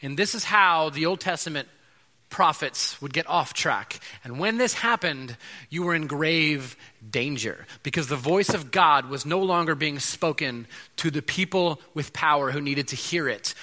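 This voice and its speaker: A man preaching a sermon in an animated way, acting out quoted voices, with frequent fillers and restarts. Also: a little high. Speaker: pastor. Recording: long hall reverb.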